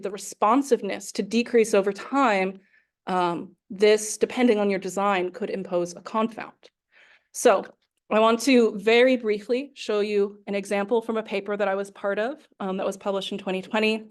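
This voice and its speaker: A woman giving an academic workshop lecture, explaining carefully with frequent fillers and self-corrections. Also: medium pitch.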